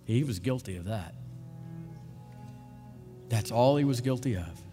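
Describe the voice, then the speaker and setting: A man preaching a sermon slowly and dramatically, building to intense questions. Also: mid-range voice, animated, in a large hall, over music.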